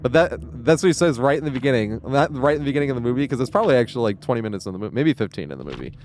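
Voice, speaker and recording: A man's voice: medium pitch, expressive, rapid-fire, darkish tone, a little hiss or hum. A man live-streaming a game, chatting casually in a rambling, profane way, chuckling often. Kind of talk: casual live-stream chat while gaming.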